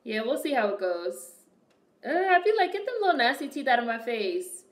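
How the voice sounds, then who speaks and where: A young woman streaming and chatting casually with her viewers, telling animated stories full of swearing. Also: fairly high pitch, brisk. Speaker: streamer reacting to a movie and reading chat. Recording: echoey room.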